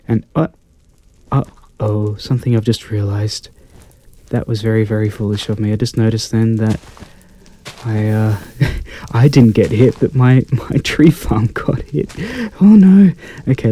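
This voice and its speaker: Soft-spoken Australian man, mellow ASMR. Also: lowish voice. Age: 30s. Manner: gentle, polite and mild, easily delighted. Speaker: gaming channel host.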